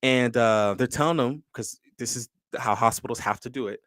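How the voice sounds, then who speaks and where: A man's voice: medium pitch, moderate pace, fairly bright tone, dry recording. A young man, a podcast guest, telling a long personal story in casual conversation, with many restarts.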